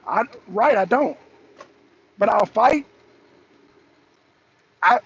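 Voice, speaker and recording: A man's voice: high voice, lively intonation, extremely slow, gravelly, pauses often. A man co-hosting a political talk show, arguing heatedly, repeating himself and mocking the people he is answering. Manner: argumentative, repetitive, mocking. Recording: dull lo-fi stream audio with faint noise.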